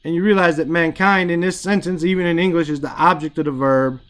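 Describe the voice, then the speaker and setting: A man's voice: on the high side, steady tone, a little fast, a bit bright. A man teaching Arabic grammar in an online class, explaining in casual English, reciting Arabic phrases and checking in often with "right?".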